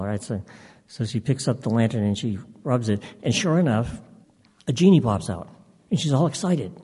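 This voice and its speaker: A man's voice: mid-range voice, expressive, a little fast, mellow, husky. A man casually telling a long joke, rambling with plenty of fillers. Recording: long hall reverb.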